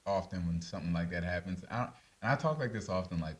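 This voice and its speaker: A man co-hosting a casual podcast chat, talking things over in a reflective, lively way. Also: fast, distant mic. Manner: lively, reflective, drops into a higher quoted voice. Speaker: podcast co-host.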